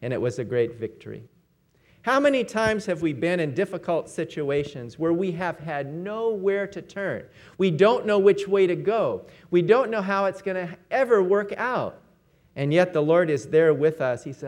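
A man's voice: sits high, lively intonation, moderate pace. A man preaching a sermon, retelling stories and briefly acting out the quoted lines.

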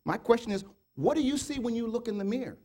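A male preacher with a high voice that leaps all over the place. He fires rhetorical questions at his congregation over and over, pushing loud one moment and dropping to a murmur the next. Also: animated, quick pace. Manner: swings from loud urging to low murmured quotes. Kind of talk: sermon.

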